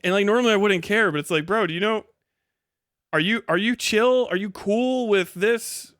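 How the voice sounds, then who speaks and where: A young man giving casual, profane stream commentary, excitable and laughing often. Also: high-pitched, moderate pace, clear, resonant tone, no echo, studio quality. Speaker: live streamer.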